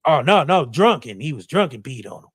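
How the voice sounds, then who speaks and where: A man's voice: fairly high pitch, sing-song, a little fast, a bit bright, husky, no echo, clean studio sound. A man hosting a podcast in casual chat, laughing easily and reading out headlines. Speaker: podcast host.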